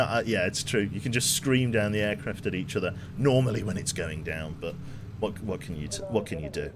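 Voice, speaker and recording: Brief: young English male streamer with a hint of Brummie, low-pitched voice, chatty game commentary, faint hum behind. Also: fairly quick. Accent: light Birmingham. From England. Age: 20s. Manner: chatty, self-mocking, reads out game menus. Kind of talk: live gameplay commentary.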